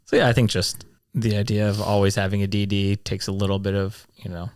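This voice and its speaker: A man in his thirties co-hosting a casual podcast, telling stories in lively bursts and laughing easily. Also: on the low side, clear, resonant tone, no echo, studio quality. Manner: animated storyteller, quick bursts, laughs. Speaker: podcast co-host. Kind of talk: casual chat.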